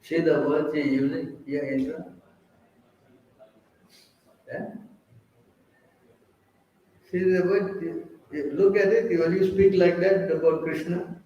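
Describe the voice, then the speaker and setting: A man preaching slowly and deliberately in a scripture class, stopping often to quiz and tease his listeners. His voice sits a little high for a man. He is recorded from a distance in a very echoey temple hall. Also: steady tone, mellow, muffled recording.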